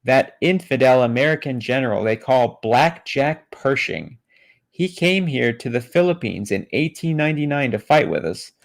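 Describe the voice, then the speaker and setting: Brief: frightened fleeing man, flat reading by a man, gravelly, no accent. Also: medium pitch, normal speed. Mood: distraught. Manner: flat read-aloud, no put-on accent.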